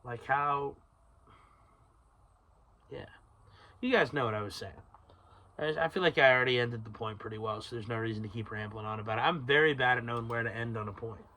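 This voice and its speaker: A man's voice: medium pitch, brisk, pauses often, sharp tone. Rambling, swearing man podcaster. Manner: rambling, swears freely, laughs at own tangents. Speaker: podcast host. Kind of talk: solo podcast rant.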